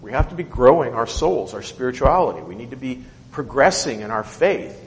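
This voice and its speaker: A man's voice: mid-range voice, a little fast, dull audio. A man leading a Bible study, explaining a passage verse by verse and often checking in with "okay?". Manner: animated, keeps asking okay and right. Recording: echoey hall with long reverb.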